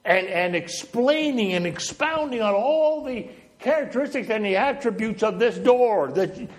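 Animated storytelling preacher from New Brunswick. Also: male voice, high-pitched, unhurried. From New Brunswick, Canada. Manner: storytelling, illustrating with gestures, walking back and forth. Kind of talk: sermon.

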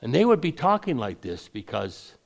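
Gravelly man teaching a Bible lesson. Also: mid-range voice, big pitch swings. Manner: conversational, reads scripture slowly, then explains in quick asides. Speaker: preacher.

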